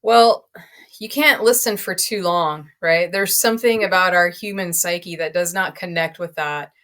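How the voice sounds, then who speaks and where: A woman co-hosting a casual advice chat, speaking in a conversational, expressive way. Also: fairly low pitch, measured pace. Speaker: podcast co-host.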